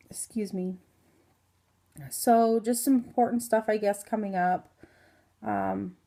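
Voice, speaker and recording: Chatty woman vlogger with a mellow voice. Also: medium pitch. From Indiana. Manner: chatty, rambling with many ums and self-corrections. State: hiccups. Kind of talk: casual health update vlog. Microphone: phone camera.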